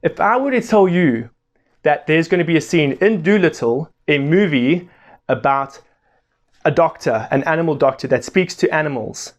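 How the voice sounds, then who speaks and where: A young man gives a casual video review of a film. He talks in an animated, excitable way, often breaking into laughter, and his voice sits a touch higher than most men's. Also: moderate pace.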